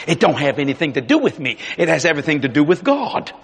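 A man preaching a sermon as pastor, animated, swinging between loud and hushed. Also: on the high side, a little fast. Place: large church hall. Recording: long reverb of a large hall.

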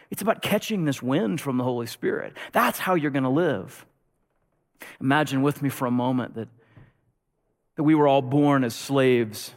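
A male pastor preaching a sermon with animated storytelling that swings between loud and hushed. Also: fairly high pitch, long reverb tail.

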